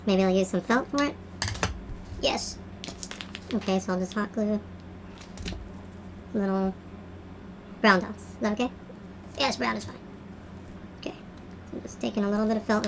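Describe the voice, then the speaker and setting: A woman's voice: mid-range voice, fairly even intonation, normal speed, pauses often, noisy background. A woman art teacher giving a craft tutorial, chatting and thinking aloud as she works.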